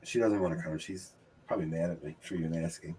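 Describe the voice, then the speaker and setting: A man with a Long Island New York accent hosting a casual trivia livestream from his home, upbeat and chatty, laughing often and tossing quick asides to the chat. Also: deep voice, mellow. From New York, United States. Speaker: trivia show host.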